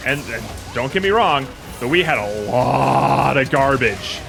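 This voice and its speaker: Streamer guy, bright tone, opinionated rambling talk, faint music behind. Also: medium pitch, measured pace, vocal fry. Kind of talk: casual gaming chat.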